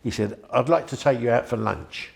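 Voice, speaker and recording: A man's voice: medium pitch, moderate pace, vocal fry. An older man, telling a rambling, chatty story in an interview and acting out the voices of the people in it. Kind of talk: anecdotal storytelling.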